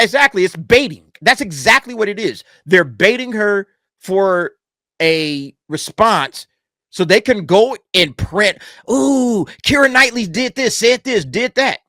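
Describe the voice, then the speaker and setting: A man hosting a reaction commentary, swearing freely and answering the clip as it plays. His voice sits high and bright. It swings widely in pitch, recorded close in a dry, dead room. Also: a little slow, dry recording. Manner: animated, profane, talks back to clips. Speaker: commentary channel host.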